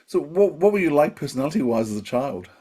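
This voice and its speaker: A man's voice: a little high, very animated, quick pace, dark tone, husky. A man with an Australian accent, hosting a podcast and asking a guest questions. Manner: friendly, inquisitive. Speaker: podcast host. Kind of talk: podcast interview.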